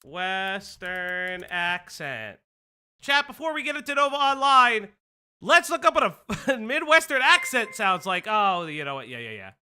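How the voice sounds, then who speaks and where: An American man hosting a casual livestream commentary, rambling and excitable with lots of stammered restarts. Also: extremely high pitch, normal speed, clear, resonant tone. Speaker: streamer host.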